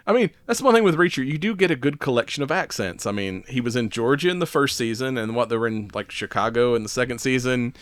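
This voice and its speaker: Fast and lively in intonation, a medium-pitched male podcast host from the Southern United States chats casually with a slightly bright voice. His talk is loose and rambling, full of swearing and frequent laughter, with no room sound.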